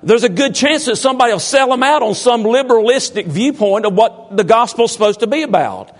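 Preacher man, high-pitched, folksy and teasing with the congregation. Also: expressive, a little fast. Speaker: pastor. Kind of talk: informal sermon to a congregation.

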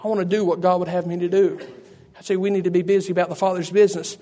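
A man's voice: high voice, flat delivery, racing, mellow. A man preaching a sermon, fervent and repetitive, calling out to listeners by name. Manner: addresses listeners by name, frequent "I tell you".

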